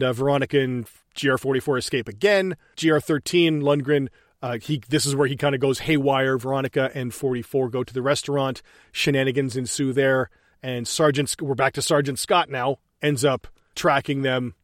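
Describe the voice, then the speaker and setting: Profane, animated man riffing on a movie. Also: medium pitch, dry recording, clean studio sound. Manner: profane, animated, laughing storyteller. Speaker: podcast co-host reviewing a movie. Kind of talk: casual movie commentary.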